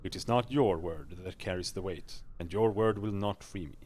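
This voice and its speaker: A man's voice: sits low, normal speed, darkish tone, a little hiss or hum, lightly acted. A man voicing a stern, tormented male githzerai warrior, reading game dialogue aloud in solemn, formal speech.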